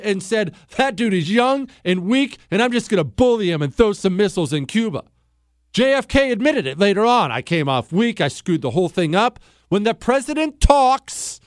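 A high-pitched man hosts a talk radio show, delivering an opinionated monologue. He rants sarcastically and drifts into mocking impressions, recorded on a studio microphone with clean sound and no room tone.

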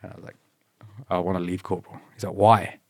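A man's voice: sits low, level tone, fast talker, creaky, darkish tone, dry recording, studio quality. A man telling stories in a casual interview, laughing often and swearing as he acts out what others said to him. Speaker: guest.

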